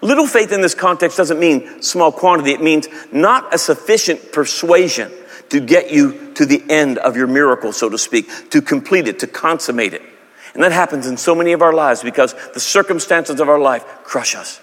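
A male pastor preaching with comic storytelling, jumping into voices for the people in his story. His voice sits high and swings widely. The sound carries a long reverb from a large hall. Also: normal speed. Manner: animated, acts out characters in silly voices.

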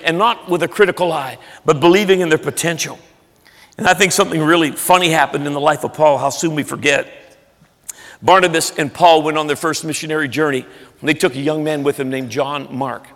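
A man pastor preaching a sermon in a church, earnest and emphatic, sometimes dropping soft. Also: a little high. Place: large church sanctuary. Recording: echoey church hall.

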